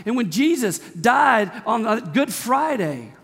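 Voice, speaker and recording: A man's voice: very high-pitched, sing-song, slow pace, gravelly, a bit bright, breathy edge, in a large hall. A male pastor preaching a sermon, emphatic, with repeated phrases and rhetorical questions. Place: church sanctuary.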